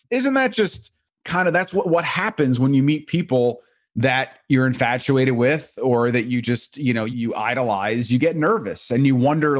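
A man hosting a podcast, telling stories in a chatty, rambling way. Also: medium pitch. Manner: chatty, rambling, with quick voice impressions. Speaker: podcast host. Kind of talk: casual storytelling.

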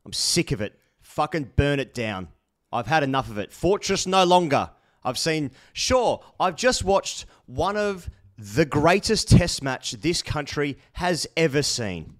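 A man's voice: on the high side, very animated, unhurried. An Australian man hosting a cricket podcast, ranting with mock outrage and plenty of swearing. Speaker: podcast host. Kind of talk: casual cricket chat.

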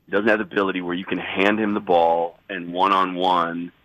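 Low rumbly guy with a cold on sports radio, muffled call-in sound, keeps restarting his sentences. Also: flat delivery, fairly quick, fairly bright tone, no echo. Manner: rambling, self-correcting, emphatic. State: fighting a cold, husky sick voice. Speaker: NBA insider guest. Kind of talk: sports radio analysis by phone.

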